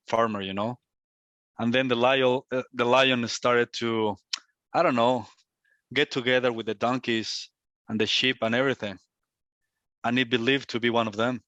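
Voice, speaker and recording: A man's voice: mid-range voice, little pitch movement, moderate pace, a bit bright, dry recording. A man giving a reflective satsang talk as a spiritual teacher, repeating and circling back on his phrases. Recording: dull, lo-fi, dry.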